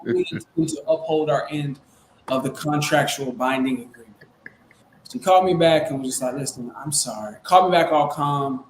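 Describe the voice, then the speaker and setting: Animated high-voiced man telling a story. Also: normal speed. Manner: animated, acts out quotes in a high excited voice. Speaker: real estate wholesaler. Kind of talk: casual storytelling chat. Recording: echoey room with faint noise.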